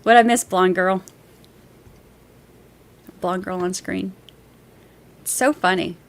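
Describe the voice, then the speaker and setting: A woman's voice: fairly low pitch, fairly even intonation, slow pace. A woman hosting a casual livestream, reading viewer messages aloud and chatting in a rambling, easygoing way with easy laughs.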